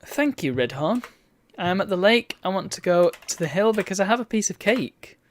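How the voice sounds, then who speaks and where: A streamer plays through an old adventure game, reading its prompts aloud and adding dry, bemused remarks. The voice is mid-pitched and conversational. Faint noise and keyboard clicking sit behind it. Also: animated, normal speed. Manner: wry, bemused asides between read-out lines.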